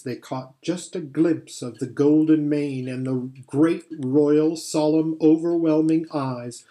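Male audiobook reader, steady storybook narration, middle pitch. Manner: measured, steady reading with occasional slips.

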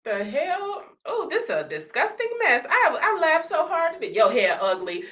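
A woman's voice: sits high, huge pitch swings, normal speed, few pauses, a bit bright. A woman hosting a reaction channel, ranting in blunt, sassy, profane commentary.

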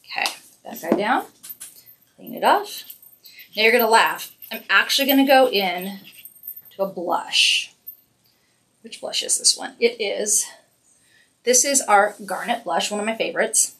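A makeup brand host runs her weekly livestream tutorial, chatty and encouraging as she narrates each step. Her medium-pitched voice is expressive and fairly bright, moving at a normal speed with long pauses.

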